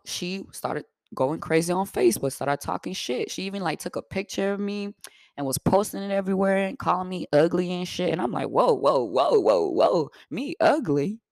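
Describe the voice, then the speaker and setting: Blunt young woman with a gravelly, dry voice. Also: on the low side, normal speed, dry recording. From Africa. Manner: blunt, profane, animated retelling. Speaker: podcast host. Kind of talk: casual storytelling.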